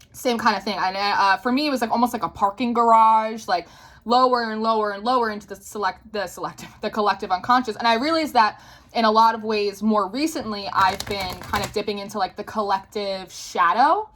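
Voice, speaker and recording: Bright, chatty young woman telling a story. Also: mid-range voice, a little fast, poor audio. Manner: chatty, filler-heavy, swears casually. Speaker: tarot reader. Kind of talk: casual storytelling to camera.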